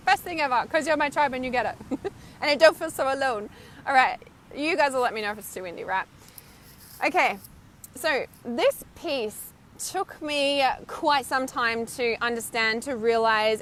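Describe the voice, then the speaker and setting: A woman with a high, bright-sounding voice talks live to her followers in an animated, chatty way. She keeps checking in with "right?", swears now and then for emphasis, and has a faint hiss of noise behind her. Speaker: intuitive healer and mentor. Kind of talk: live stream talk to viewers. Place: outdoors, windy beach.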